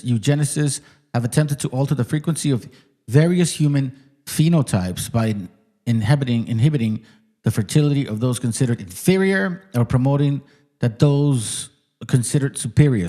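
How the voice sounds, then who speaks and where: A man hosting a class and talking in a lecture style, with a voice of medium pitch. He addresses his audience as friends and brother, and he stops now and then to read aloud from his notes before explaining them. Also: mellow. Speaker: host teaching a class.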